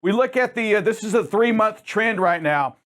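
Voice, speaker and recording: A man's voice: high-pitched, expressive, moderate pace, a bit bright. A man hosting a trucking safety show, talking emphatically and speaking straight to drivers, often repeating words as he goes. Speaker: show host.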